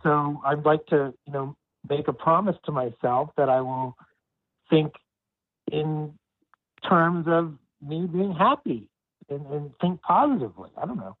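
Casting: man, slightly high voice, halting and reflective, heard over a tinny phone line. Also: expressive, no echo. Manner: hesitant, halting, self-reflective. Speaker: client. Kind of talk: counseling conversation.

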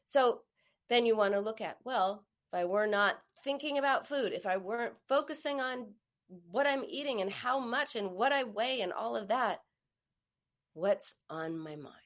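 A woman's voice: fairly high pitch, expressive, moderate pace. A woman hosting a live-streamed self-help talk, speaking earnestly in a coaching manner and now and then acting out a harsh inner voice. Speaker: host of a live stream on emotional eating.

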